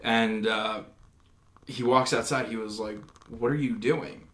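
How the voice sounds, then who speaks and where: A man's voice: medium pitch, fairly even intonation, unhurried, fairly bright tone, a little hiss or hum. A man, a paranormal investigator guest, earnestly telling a story in a casual podcast chat, with frequent restarts. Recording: roomy echo.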